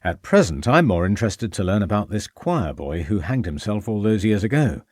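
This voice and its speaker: Polite period police inspector, read by a male narrator, low lively delivery, dry. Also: normal speed, dry recording. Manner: polite, formal.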